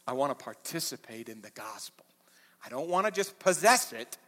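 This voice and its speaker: A man preaching a sermon as pastor, swinging between quiet, low asides and loud, impassioned bursts. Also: big pitch swings, moderate pace. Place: church auditorium. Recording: reverberant church hall.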